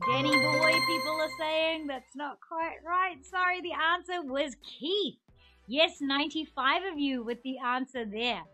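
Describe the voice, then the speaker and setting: A woman's voice: sits high, a little slow, bright, forceful tone, faint music behind. A young woman hosting a live trivia game show, upbeat and chatty, reading questions and viewer comments aloud. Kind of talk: live-streamed quiz hosting.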